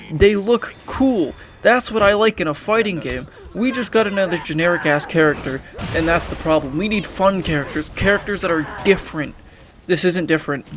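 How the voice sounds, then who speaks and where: A man's voice: high voice, noisy background. A young man giving frustrated, profane game commentary as a YouTuber, often restarting his sentences. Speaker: gaming YouTuber.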